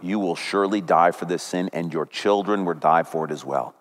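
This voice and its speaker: A man voicing a stern male prophet who gravely accuses and pronounces doom. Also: low-pitched, brisk, pitched below the performer's own voice, lightly acted.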